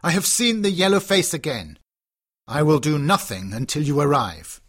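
Frantic husband voiced by a man, husky and lively, audiobook drama. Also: fairly high pitch, normal speed. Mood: agitated. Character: anxious agitated husband, middle-aged man.

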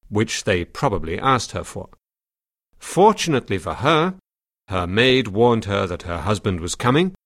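Reasoning detective voiced by a man, lowish voice, measured, dry audiobook. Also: fairly bright tone, no room sound. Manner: measured, explanatory. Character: calm, reasoning detective explaining a theory. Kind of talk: audiobook drama.

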